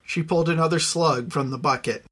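An audiobook narrator reading a fantasy story in a measured, even storytelling voice. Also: medium pitch, slightly rough. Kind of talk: scripted narration.

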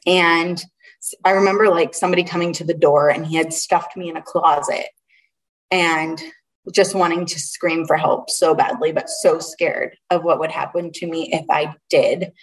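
A young woman with a notably low voice recounts a personal story in an interview. She speaks earnestly and haltingly, often restarting her sentences. Her voice sounds set back from the microphone. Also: fairly even intonation. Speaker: interview guest. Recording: voice a little far from the mic.

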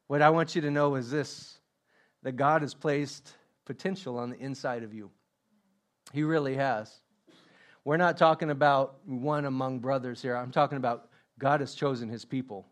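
A man preaching a sermon as pastor, emphatic, repeating his questions and joking about himself. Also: medium pitch. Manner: self-deprecating humor.

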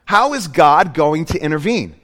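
A man with a fairly high voice preaches a sermon in a church, earnest and storytelling. He leans on emphatic repetitions, and his words ring out with a long reverb through the hall. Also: animated, moderate pace, fairly bright tone. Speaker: pastor.

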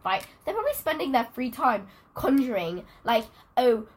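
Teen girl podcast co-host, slightly husky, high-ish voice, rambling casual chat. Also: very animated, normal speed. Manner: chatty, rambling, giggly.

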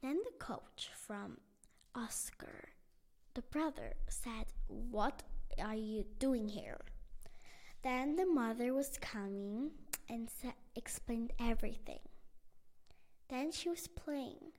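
A woman narrating a bedtime story for her podcast. Her high voice moves slowly, in plain simple sentences that often stop and restart. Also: animated, darkish tone.

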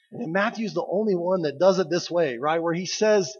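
A man's voice: fairly high pitch, animated, husky. Man preaching on a dull lo-fi recording. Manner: conversational, emphatic preaching with slow pauses. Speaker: pastor. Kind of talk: sermon.

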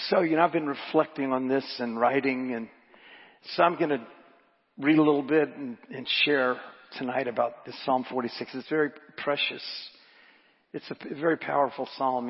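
A man's voice: mid-range voice, steady tone, a little fast, husky, in a large hall, dull audio. A man pastor preaching a sermon, reading scripture and quotes aloud and repeating phrases for emphasis. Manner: asks the congregation to repeat lines. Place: church.

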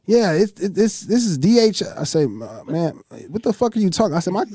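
Profane, animated man telling his story. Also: high-pitched, fairly quick, few pauses, dry recording. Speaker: podcast host. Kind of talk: casual storytelling chat.

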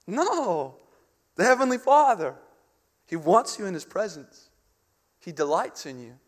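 A young adult man preaching a sermon, swinging between loud, urgent calls and hushed, intimate passages. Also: sits high, sing-song, a little slow, pauses often. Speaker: pastor. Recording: long reverb of a large hall.

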